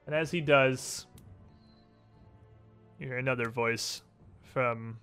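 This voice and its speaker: Bright-voiced, slow-paced game master. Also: male voice, medium pitch, steady tone, clean tone, soft background music. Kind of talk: narrating a tabletop game.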